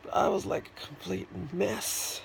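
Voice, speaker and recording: A man in a casual vlog, telling a childhood story in a halting, rambling way, with many restarts and fillers. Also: high-pitched, gravelly, slight background noise. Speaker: vlogger.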